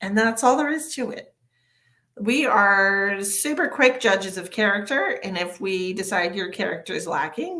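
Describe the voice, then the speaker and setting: A woman's voice: mid-range voice, animated, measured pace, sharp tone, reverberant, low-quality recording. A woman in her forties giving psychic card readings on a live stream, chatty and sassy as she reads out viewer comments. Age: 40s. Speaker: psychic tarot reader.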